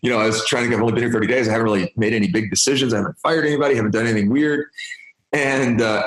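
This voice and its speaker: A man in his fifties, a guest in an interview, telling stories in an animated way and acting out quoted dialogue. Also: mid-range voice, rapid-fire. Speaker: interview guest, business executive. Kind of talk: storytelling interview. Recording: roomy echo.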